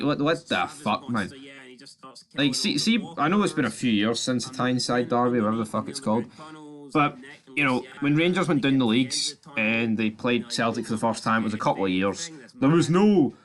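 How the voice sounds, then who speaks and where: A man's voice: mid-range voice, a bit bright. A Scottish man hosting a football channel, giving a blunt, heated opinion rant full of swearing and fillers.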